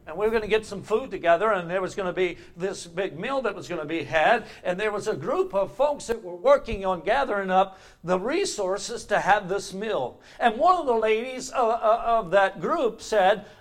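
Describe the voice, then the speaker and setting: An older man delivers a sermon, his voice sitting rather high for a man. He has a relaxed, folksy way of telling stories and homespun asides from the pulpit. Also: normal speed, few pauses. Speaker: pastor.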